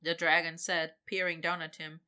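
A woman reading a fantasy story aloud as narrator, expressive and lively. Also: sits low, normal speed, smooth. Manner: expressive, voices characters.

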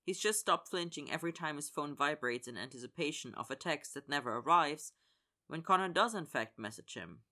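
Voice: mid-range voice, lively intonation, brisk, pushed and bright. A narrator reading a story aloud and voicing the characters' dialogue. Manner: acts out characters' lines in dialogue. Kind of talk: fan fiction audiobook reading.

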